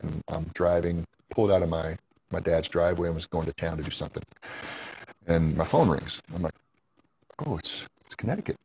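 A man with a very low, gravelly voice, easygoing and chatty as a podcast guest. He tells his stories loosely, laughs between lines and drops casual swears. A faint hiss sits under the voice. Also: a little mellow, low-quality recording. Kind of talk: casual storytelling chat.

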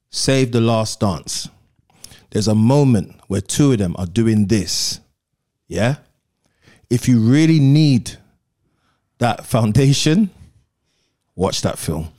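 A man's voice: mid-range voice, animated, slow, pauses often, dark tone. A man who judges dance, talking in emphatic, playful casual podcast chat.

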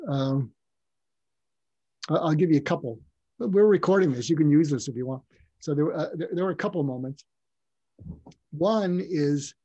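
An older man with a husky, mellow voice recounts stories from his work as a psychiatrist. He speaks reflectively, pausing and restarting his sentences. The recording is dry and a little dull. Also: a little high, no room sound. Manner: reflective, halting, with frequent restarts. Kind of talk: personal storytelling in a conversational interview.

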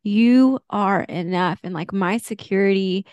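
A woman's voice: mid-range voice, measured pace, a little mellow, no room sound. A woman co-hosting a faith podcast, talking in an earnest, confessional way with fillers and small laughs. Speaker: podcast co-host. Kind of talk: casual faith chat.

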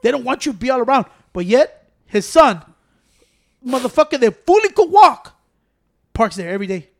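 A man's voice: very high voice, sing-song, moderate pace. A man, ranting heatedly and profanely in casual podcast chat.

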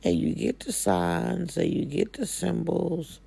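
Slow-talking woman with a real husky rough voice, folksy slang, chatting from her living room. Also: lowish voice, mellow. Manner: folksy, drawling, slangy Southern-style speech. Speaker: spiritual coach. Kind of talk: casual motivational talk.

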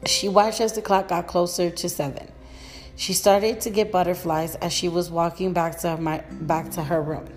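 A woman's voice: fairly low pitch, flat delivery, normal speed, soft background music. A woman reading a story aloud in a plain manner, with small slips and restarts.

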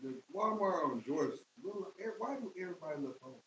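A man, a guest in a casual chat, reacting quickly and excitably. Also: high voice. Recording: roomy, distant, faint hiss.

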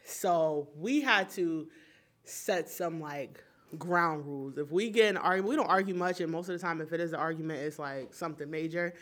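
A woman's voice: low-pitched, moderate pace, a bit bright. Frank woman sharing advice. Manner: reflective, conversational, frank. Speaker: group participant. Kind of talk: casual group discussion.

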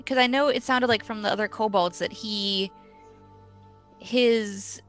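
A woman's voice: mid-range voice, fairly bright tone. A woman playing a tabletop game, asking questions and searching for words. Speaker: player.

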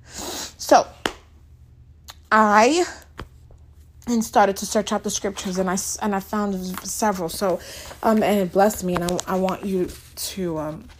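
A woman's voice: mid-range voice, steady tone, slight background noise. Earnest, heartfelt woman giving a devotional. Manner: earnest and heartfelt, emotional, halting. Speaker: devotional speaker. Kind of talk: casual devotional talk to viewers.

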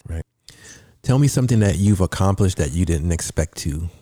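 A man's voice: low-pitched, expressive, moderate pace, warm tone, no echo. A man hosting an interview, asking probing follow-up questions. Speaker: host. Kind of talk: casual interview conversation.

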